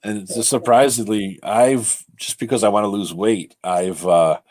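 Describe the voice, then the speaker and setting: A man's voice: on the low side, fairly even intonation, moderate pace, a little mellow, no echo. A man co-hosting a casual livestreamed podcast. He is laid-back and chatty, and laughs often. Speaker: podcast co-host.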